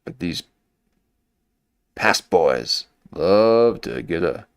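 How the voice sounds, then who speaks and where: A man's voice: low voice, lively intonation, extremely slow, smooth, no room sound, clean studio sound. A man giving rambling, mocking live-stream commentary into a desk microphone. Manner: mocking, meandering, full of restarts.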